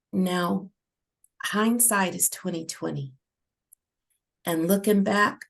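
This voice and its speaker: A woman narrating her own story in the first person, in a steady, measured reading. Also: mid-range voice, creaky, poor audio.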